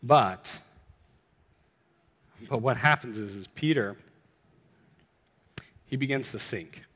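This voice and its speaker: A man's voice: medium pitch, slow, a bit bright. Earnest preaching man in reverberant hall. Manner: earnest, builds to emphatic exclamations. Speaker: pastor. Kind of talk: sermon.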